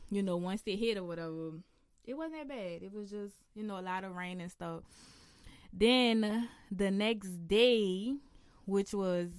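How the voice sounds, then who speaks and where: A young adult woman with a New Orleans accent, answering interview questions in a relaxed, casual way with local slang and frequent laughs. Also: lowish voice, clean tone, no room sound, clean studio sound. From New Orleans, USA. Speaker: interview guest.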